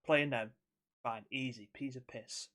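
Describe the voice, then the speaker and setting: A man's voice: medium pitch, steady tone, a little slow, a bit bright. A man co-hosting a podcast in casual chat, swearing freely and reacting to his partner. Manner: sweary, reactive, laughs along. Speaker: podcast co-host.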